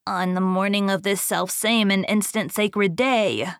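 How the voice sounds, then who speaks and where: A woman's voice: medium pitch, fairly even intonation, unhurried, smooth, no room sound, clean studio sound, lightly acted. A woman voicing a grim, venomous monk who speaks with emphasis, in a storybook reading.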